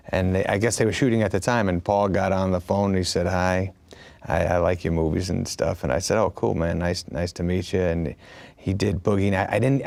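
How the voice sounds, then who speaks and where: A man's voice: low voice, creaky, darkish tone, no echo. A man chatting casually as an actor, telling stories in a rambling way with many restarts and quoted dialogue. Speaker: actor in a conversation. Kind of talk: casual conversation.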